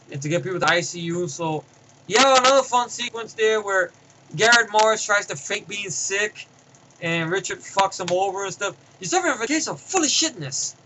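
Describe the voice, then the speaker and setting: Rambling high-voiced man reviewing a movie. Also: sharp tone, a little hiss or hum, poor audio. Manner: rambling, retells scenes with fillers and restarts. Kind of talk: casual spoken movie review.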